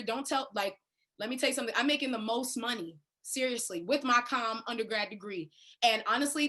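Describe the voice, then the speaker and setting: A woman in her thirties telling stories with playful, laughing energy on a video call panel. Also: on the high side. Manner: animated, laughing, playful storytelling. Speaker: panel speaker. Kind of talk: casual online panel talk.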